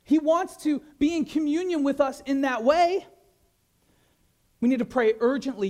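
A man pastor preaching a sermon, animated, with many rhetorical questions and repeated words. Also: extremely high pitch, moderate pace, pauses often.

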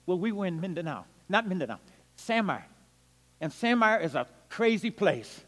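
Older man, high voice, missionary preacher, animated storytelling, loud-to-hushed swings, long hall echo. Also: moderate pace. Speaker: missionary evangelist. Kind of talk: storytelling sermon.

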